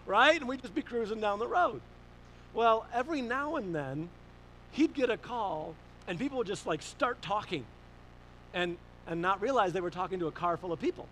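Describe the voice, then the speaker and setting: A man preaching a sermon, telling stories in a lively conversational way, with restarts and rising emphasis on his questions. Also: high-pitched, normal speed, a little hiss or hum, rough recording.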